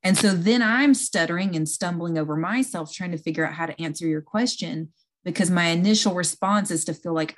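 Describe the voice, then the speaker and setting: A woman's voice: fairly low pitch, brisk. Earnest woman explaining social skills. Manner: earnest, self-aware, explains step by step. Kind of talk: casual explanatory talk.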